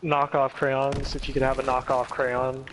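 A man's voice: medium pitch, completely flat delivery, normal speed, noisy background. A young man making dry jokes while gaming with friends. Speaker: gamer playing with friends. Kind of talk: casual gaming chat.

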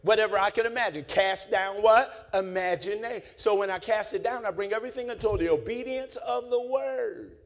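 Pastor preaching with call-and-response. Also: male voice, a little fast, few pauses. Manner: call-and-response preaching, swings from low and quiet to shouting. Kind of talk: sermon.

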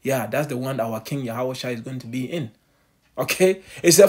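Husky-voiced man preaching a sermon. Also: mid-range voice, a little fast, darkish tone. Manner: calls listeners "family", rhetorical question-and-answer.

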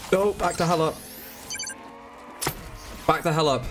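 A man's voice: fairly high pitch, background noise. Frantic young man streaming a zombie game. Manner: swears, begs and pleads under pressure; excitable, exclaiming at the game. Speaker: gaming streamer. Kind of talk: frantic live gameplay commentary. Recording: loud game music behind. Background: game music.

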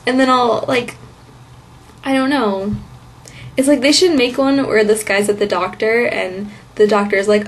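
A woman's voice: fairly high pitch, a little slow, long pauses. Giggly, rambling woman vlogger. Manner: giggly, rambling, filler-heavy. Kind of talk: casual chatty vlog monologue.

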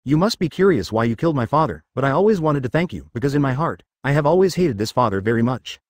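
A man reading the lines of a blunt young woman fighter in a flat machine-read fan fiction, with no change of voice for her. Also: mid-range voice, fast talker, dry recording, studio quality, close to an everyday voice. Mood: plain. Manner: plain read voice, no change for the role.

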